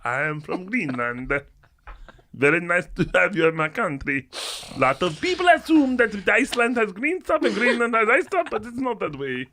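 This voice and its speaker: A man riffing on a comedy podcast, sliding through one goofy put-on foreign accent after another. His voice is bright and gravelly, and his pitch swoops widely as he improvises. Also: sing-song, normal speed, a little hiss or hum.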